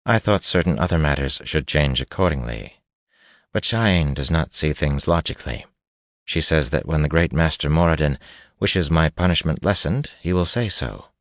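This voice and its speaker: A man's voice: deep voice, steady tone, moderate pace, hardly any pauses, dry recording, clean studio sound, pitched above the performer's own voice, lightly acted. Man voicing a cool, curt sorceress maid. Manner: curt and cool, level delivery. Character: cold, haughty woman magic-user held as a maid.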